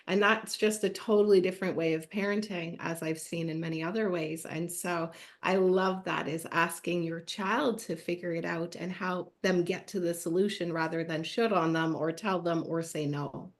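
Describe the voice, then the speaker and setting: A woman's voice: fairly low pitch, steady tone, normal speed, few pauses. A woman hosting an interview show, summarizing her guest's points for listeners in an upbeat way. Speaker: podcast host. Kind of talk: interview conversation.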